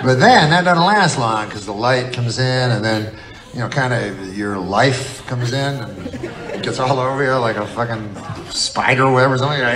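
A man's voice: mid-range voice, moderate pace, heavy background noise. A middle-aged man doing live stand-up on stage, telling a rambling, meandering story full of curses. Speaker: stand-up comedian. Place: live comedy show venue. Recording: live show with audience laughter. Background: audience laughter.

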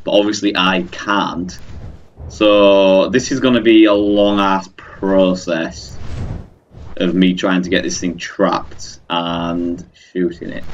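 A man's voice: deep voice, flat delivery, slow pace, dull audio, slight background noise. A young man commenting on his own gameplay, exasperated and ranting at the game while talking to his viewers. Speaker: gaming channel host. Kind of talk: let's play commentary.

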